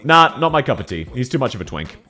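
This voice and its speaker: A young man casually chatting on a livestream, frank and quick to laugh, answering his viewers while he has the hiccups. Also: medium pitch, very animated, bright, forceful tone. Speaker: streamer.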